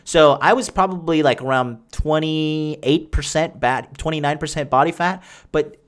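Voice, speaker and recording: Speaking at normal speed with a slightly high voice, this young podcast host answers listener questions. He rambles casually, bragging and talking crudely, with lots of fillers and restarts.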